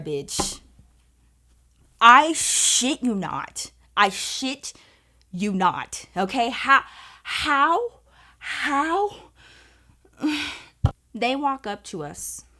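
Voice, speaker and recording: A woman vlogger telling a dramatic personal story in casual, profane, animated speech. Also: medium pitch. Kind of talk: storytime vlog, casual chat.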